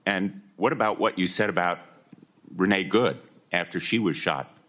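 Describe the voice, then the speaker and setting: Very deep-voiced senator questioning sharply. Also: male voice, a bit bright. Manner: measured, pointed, deliberate phrasing. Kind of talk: formal hearing questioning.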